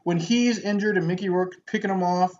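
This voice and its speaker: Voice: mid-range voice, fairly quick, darkish tone. Podcast cohost giving blunt takes on a movie, swears a lot, muffled sound with light hiss. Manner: blunt, profane. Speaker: podcast co-host. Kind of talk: casual movie review chat.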